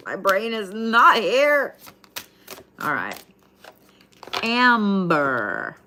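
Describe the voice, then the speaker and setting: A woman's voice: mid-range voice, wildly swooping pitch, very slow, long pauses, sharp tone, a little hiss or hum. A woman giving a live tarot reading in a casual, chatty way, swearing freely. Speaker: tarot card reader.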